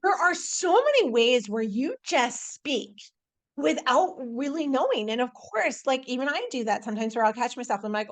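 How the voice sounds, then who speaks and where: A woman's voice: fairly high pitch, animated, moderate pace. A woman working as an intuitive life coach, talking at home in a casual live video, upbeat and rambling, with many restarts and fillers.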